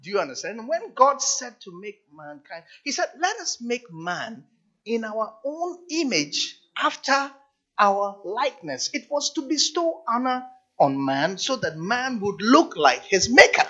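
A preacher delivering a sermon dramatically, repeating and stretching key words, dropping to a hush and then rising to a shout, and often asking the congregation questions. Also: mid-range voice, big pitch swings, measured pace. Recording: dull lo-fi sound.

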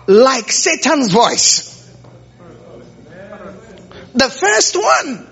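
High-voiced, slow-speaking male preacher. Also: very animated, a bit bright. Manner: keeps checking in with the congregation with rhetorical questions. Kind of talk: sermon. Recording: dull lo-fi recording.

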